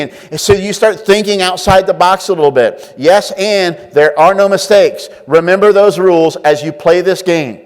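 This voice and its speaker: Man, workshop speaker, fairly high voice, energetic, acts out inner voices, long hall echo. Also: brisk, few pauses. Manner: lively, acts out inner voices, quizzes the audience. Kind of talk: energetic conference talk. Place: large conference room.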